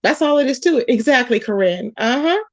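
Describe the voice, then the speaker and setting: On dull lo-fi audio with no echo, a commentary channel host speaks in a high, brisk voice with lively intonation. She bluntly rants at and scolds someone, hammering her points through repetition and drawn-out words.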